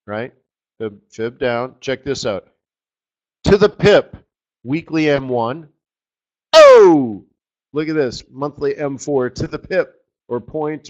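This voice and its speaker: A man hosting a live trading webinar, talking over his charts with excited outbursts and trailing murmurs. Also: medium pitch, highs cut off. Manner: excitable, exclamatory, trails off while fiddling with charts. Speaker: forex market strategist hosting a live webinar.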